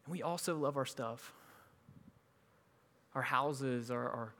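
A man's voice: mid-range voice, slow pace, creaky, a bit bright, in a large hall. A man preaching a sermon in a conversational way, acting out the people in his stories. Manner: conversational, acts out quoted people. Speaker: pastor.

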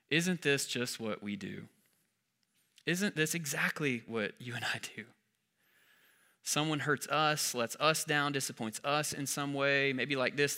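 A man's voice: on the high side, sharp tone. A man, a pastor, preaching an emphatic sermon full of rhetorical questions.

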